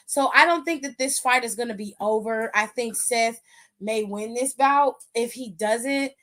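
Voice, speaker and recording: Sassy woman, kinda high voice, chatting on a wrestling aftershow, calls the chat babe and honey. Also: pushed and bright. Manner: sassy, talks back to chat with pet names. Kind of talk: casual livestream chat.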